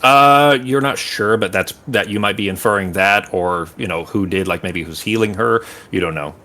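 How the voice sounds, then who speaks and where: Deep-voiced man rambling as game master. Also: moderate pace, pushed and bright. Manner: rambling, searching for words, vivid descriptions. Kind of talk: narrating a tabletop game.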